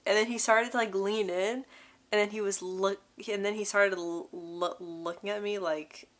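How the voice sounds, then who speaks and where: A woman's voice: mid-range voice, fairly even intonation, normal speed, a bit bright. A young woman vlogger telling a story casually to camera, speaking with a marked stutter of repeated syllables and blocks, candid and breaking into small laughs between phrases.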